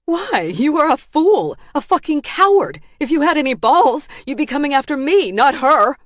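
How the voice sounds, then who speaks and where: A woman voicing a desperate, defiant mother who shouts high and loud in raw fury. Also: normal speed, dry recording, studio quality, natural voice. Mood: furious defiance.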